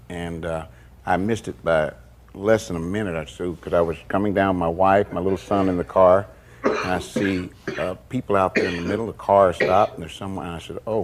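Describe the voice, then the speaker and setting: An older man telling stories in a documentary interview, folksy and unhurried, often slipping into quoted dialogue. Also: low-pitched. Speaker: interviewee recalling past events.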